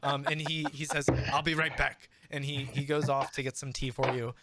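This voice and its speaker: A man's voice: medium pitch, level tone, a little fast, very noisy. A man narrating as game master in a tabletop game, rambling with plenty of fillers.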